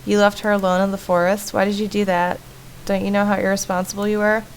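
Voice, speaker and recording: A woman's voice: mid-range voice, little pitch movement, quick pace, a little hiss or hum, lightly acted, poor audio. A woman reading aloud as a young heroine who questions and accuses her friend about her missing sister. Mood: accusing.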